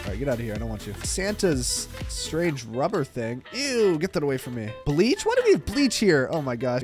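Young guy yelling thru a game, voice sits a bit high, faint music behind, keeps going oh my gosh. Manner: hyper, exclaiming, talks to viewers as "guys". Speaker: gaming channel host. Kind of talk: excited gameplay commentary.

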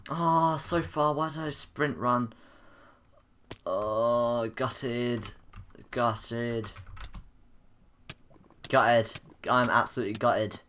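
A man's voice: mid-range voice, steady tone, slow, bright, forceful tone, slight background noise. A man giving gameplay commentary, frustrated and self-mocking as he plays. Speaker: gamer.

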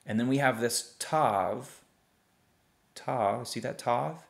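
A young man teaching a language lesson, sounding out syllables slowly and patiently and checking in with his listeners often. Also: medium pitch, vocal fry. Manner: checks in often with "okay?" and "see that?". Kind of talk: explaining a lesson.

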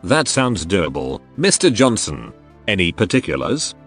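A man's voice: low voice, very animated, measured pace, fairly bright tone, soft background music, exaggerated voice. A synthetic male text-to-speech voice voicing a predatory, drawling man who shuns the sun. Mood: smooth.

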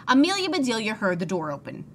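A woman's voice: on the high side, wildly swooping pitch, quick pace, slight background noise. A woman reading a children's book aloud expressively and talking to young listeners. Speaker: storybook reader.

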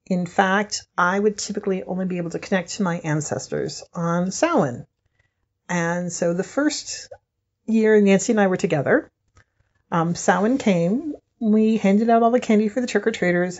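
A woman co-hosting a podcast, telling a story in a lively way and laughing often. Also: medium pitch, moderate pace, lo-fi sound. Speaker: podcast co-host.

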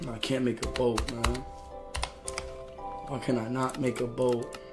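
A man's voice: medium pitch, level tone, unhurried, over loud music. Young man ranting mid-game on stream. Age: young adult. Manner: frustrated ranting with heavy swearing and stammered restarts. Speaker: livestreamer. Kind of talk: live gameplay commentary.

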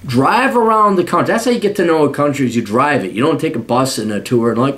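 A man's voice: mid-range voice, lively intonation, fast talker, hardly any pauses, a bit bright. A man hosting a podcast, giving blunt, profanity-laced advice in a rambling monologue full of restarts.

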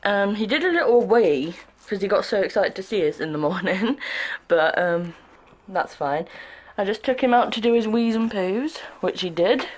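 A woman's voice: mid-range voice, animated, normal speed. A young woman vlogging casually at home, cooing affectionately at her puppy. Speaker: vlogger and dog owner. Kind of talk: casual home vlog chat. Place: at home indoors.

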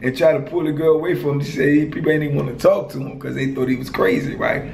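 A man's voice: fairly high pitch, fast talker, creaky, a little mellow. Man in his 50s telling a story, casual slang, mid voice, roomy echo, light background noise. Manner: laid-back street slang, lots of "you know" and "man". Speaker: storyteller, former prisoner.

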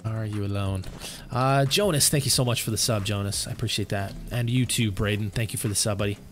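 Low-voiced man chatting while streaming. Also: a little fast, slight background noise. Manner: chatty, answers chat questions. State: tired. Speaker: game streamer. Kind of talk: live gameplay commentary.

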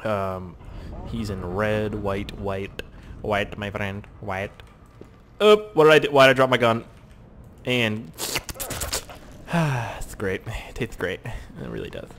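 A lively young man commentating a game he is playing, with a voice that swings up and down a lot. He jokes, swears and slips into goofy voices for the people on screen. A faint hiss of noise sits under the recording. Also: fairly low pitch, slow, pauses often. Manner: joking, profane, puts on silly voices for characters. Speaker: gaming YouTuber. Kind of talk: let's play commentary.

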